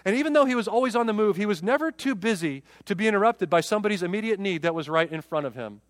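A man's voice: sits high, animated, fast, dry recording, clean studio sound. A man in his forties, a pastor preaching a sermon, often repeating words as he goes. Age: 40s.

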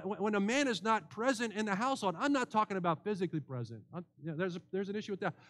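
Man, pastor, sermon in church, high voice, earnest, repeats himself. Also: a bit bright. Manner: earnest preaching with repeated restarts.

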